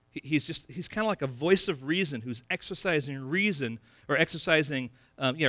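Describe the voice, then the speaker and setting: A man preaching an expository sermon, building to emphatic peaks and dropping low again. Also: bright, forceful tone, dry recording. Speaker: pastor.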